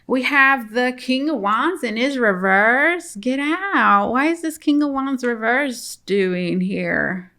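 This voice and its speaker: A woman's voice: a little high, expressive, slow pace, bright, forceful tone. A woman giving a casual tarot reading to camera, chatty and repetitive, talking straight to her viewers from home. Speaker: tarot reader.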